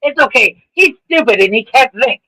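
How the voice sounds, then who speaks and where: Male podcast co-host, high and bright voice, laughing, joking banter. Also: expressive, normal speed, rough recording.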